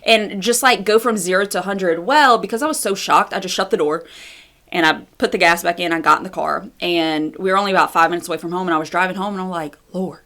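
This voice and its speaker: A woman's voice: lowish voice, quick pace, a bit bright. A young adult woman giving a personal testimony and encouragement in an earnest, conversational way, with fillers and repeated phrases. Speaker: speaker in a women's ministry video.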